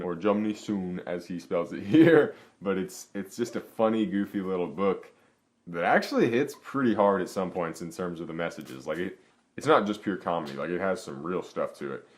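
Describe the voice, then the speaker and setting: A young man hosting a vlog, chatting enthusiastically and casually with frequent restarts and fillers. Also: deep voice. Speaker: vlog host. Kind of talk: casual book review chat.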